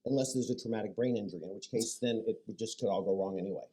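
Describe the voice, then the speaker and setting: A man's voice: fairly low pitch, rapid-fire, dark tone. A man in his fifties, an actor, telling self-deprecating jokes in a casual interview. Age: 50s.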